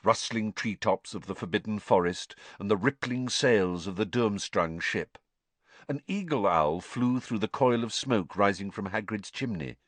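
A man narrating a novel as an audiobook with an expressive storytelling delivery. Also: on the low side, no room sound.

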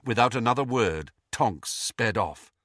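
A man narrating a novel in an expressive, animated reading. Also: mid-range voice, a little slow, no echo, studio quality. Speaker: audiobook narrator. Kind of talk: scripted narration.

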